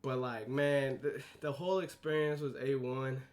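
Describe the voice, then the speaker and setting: A young man hosting a podcast, telling a story in a casual, animated way, acting out the quoted lines and swinging between loud and hushed. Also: mid-range voice, moderate pace. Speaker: podcast host.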